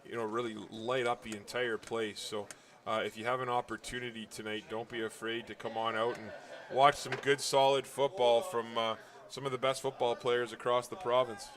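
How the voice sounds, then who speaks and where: A man's voice: medium pitch, moderate pace, a crowd in the background. Guy doing color commentary for a local football game, chatty, laughs a lot. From Northern Ontario. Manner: chatty, laughs often, speeds up in excitement.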